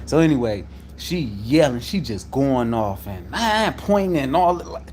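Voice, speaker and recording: A man telling a story about a workplace conflict, getting loud when he acts out what was said. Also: mid-range voice, unhurried, slight background noise. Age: adult. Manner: animated, loud when reenacting quotes. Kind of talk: casual storytelling to viewers.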